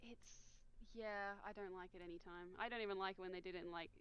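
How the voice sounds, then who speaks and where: A woman's voice: mid-range voice, fairly even intonation, fast talker, a bit bright, clean tone, highs cut off. A woman reading a novel aloud with sarcastic commentary, putting on mock accents for the dialogue and laughing often. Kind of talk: casual reading with comic commentary.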